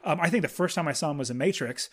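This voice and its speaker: Enthusiastic rambling man, slightly high voice. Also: racing, a bit bright, breathy edge. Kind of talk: casual chat about a movie.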